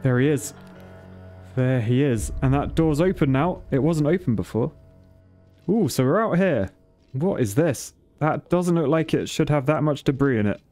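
A man commentating his own gameplay, excitable, swearing and laughing as he goes. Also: mid-range voice, normal speed, soft background music. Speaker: gaming channel host.

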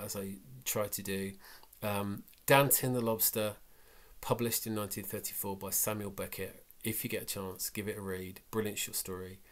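Lowish voiced guy musing about a short story, halting, lots of ums. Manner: reflective, halting with many fillers. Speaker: book vlogger. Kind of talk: casual book talk and reading.

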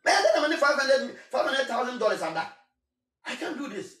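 Ghanaian guy preaching hard, high voice, repeats himself a lot, sounds far off in an echoey room. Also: big pitch swings, fairly quick, fairly bright tone. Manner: emphatic, repetitive, preacherly, switching between Twi and English. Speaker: singer. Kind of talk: impassioned spoken appeal.

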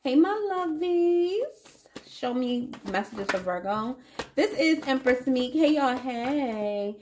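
A woman reading tarot for her audience in a loose, chatty way. Her voice sits a little higher than most, and she keeps slipping in playful asides and pet names for her viewers. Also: takes it slowly, noisy background. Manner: chatty, playful, addresses viewers as baby and y'all. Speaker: tarot reader.

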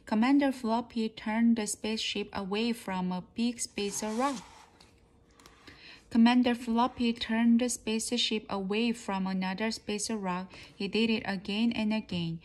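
Slow, careful woman reading a storybook. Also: on the high side, fairly even intonation. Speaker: reader. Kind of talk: slow storybook read-aloud practice.

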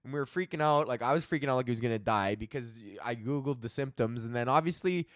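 A man's voice: mid-range voice, fast, dry recording, studio quality. A man of thirty hosting his own comedy podcast, rambling and swearing freely as he vents and laughs at his own jokes. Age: 30s. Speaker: podcast host. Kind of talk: casual solo comedy podcast rant.

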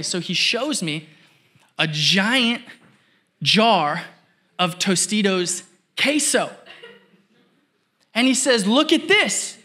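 A pastor from Canada delivers a sermon in a bright, forceful voice. He speaks in a lively, animated way and acts out the other people in his story. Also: high-pitched. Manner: animated, acts out quotes, laughs while telling.

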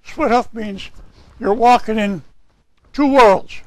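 A man's voice: high voice, slow, no echo. A male pastor preaching a sermon, emphatic and repeating his key phrases.

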